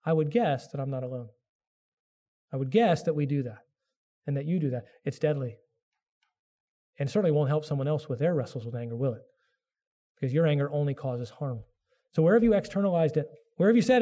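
Man, middle-aged pastor, sermon, mellow warm tone, slightly high voice, earnest and direct. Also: fast. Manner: earnest preaching, voices excuses in a raised mock tone.

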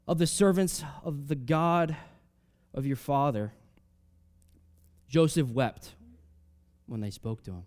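A man preaching a sermon, reading scripture aloud and explaining it in a conversational way, swinging between loud emphatic rises and soft drops. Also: fairly high pitch, slow pace, long pauses. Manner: reads scripture aloud, then explains it casually with fillers.

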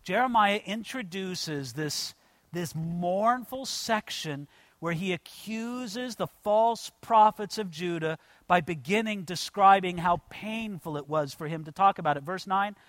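A man preaching a sermon. He calls his listeners "friends" and swings from quiet asides to loud, slowed-down declarations. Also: high-pitched, no room sound. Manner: emphatic, addresses the congregation as "friends". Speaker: pastor.

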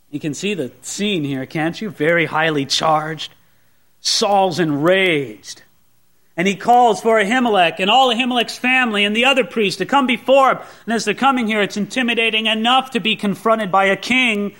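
A man preaching a sermon, teaching through a Bible passage in an animated way and acting out the characters' lines. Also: high voice, normal speed. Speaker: pastor.

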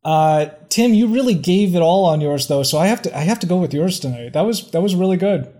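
Casting: slightly high-pitched man, podcast co-host, halting and stammery. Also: lively intonation, warm tone. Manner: stammering, restarts often, laughs easily. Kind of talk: casual chat.

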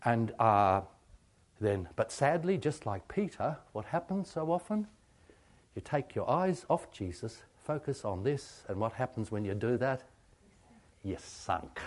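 A man preaching a sermon on meditation, halting with many ums and asking rhetorical questions. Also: mid-range voice, expressive. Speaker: pastor.

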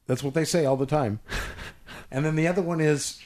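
A man's voice: on the high side, fairly quick. A middle-aged man and pastor co-hosting a casual chat, telling stories with playful jokes. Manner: jokey, animated storytelling. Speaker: pastor and co-host.

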